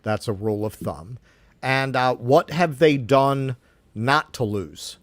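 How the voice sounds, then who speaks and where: A man from New York co-hosting a political talk stream. He speaks in an animated, indignant way and swears freely. His mid-pitched voice sounds dry and close, with no room around it. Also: takes it slowly, no room sound. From New York, Queens. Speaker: co-host. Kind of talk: casual political chat.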